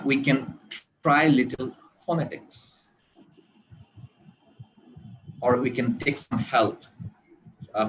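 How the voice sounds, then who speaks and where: A man with a Bangladeshi English accent gives a talk on public speaking, taking his time and pausing often with hesitant fillers. He leans on key words to stress them. His voice sits at an ordinary pitch, and a faint hum runs underneath. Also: poor audio. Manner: deliberate, with many pauses and hesitations.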